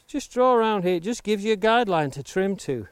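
A man's voice: high voice, lively intonation, brisk, clean tone, no echo. A man teaching woodworking outdoors by the coast, explaining each step patiently as he carves with an axe and stressing safety. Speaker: woodworking instructor. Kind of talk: hands-on demonstration. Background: axe chopping clicks.

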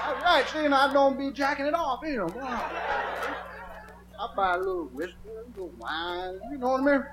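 An older man telling rambling, profane stories, laughing and swinging from mutters to shouts. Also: very high-pitched, lively intonation, moderate pace, over a noisy crowd, very noisy. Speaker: storyteller. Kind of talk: profane anecdotal storytelling. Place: outdoors.

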